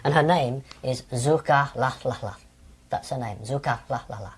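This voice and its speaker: Hesitant older man with a husky voice. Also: mid-range voice, normal speed. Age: 60s. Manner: hesitant, with many ums and restarts. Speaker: interview guest. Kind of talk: unscripted recounting of personal experiences.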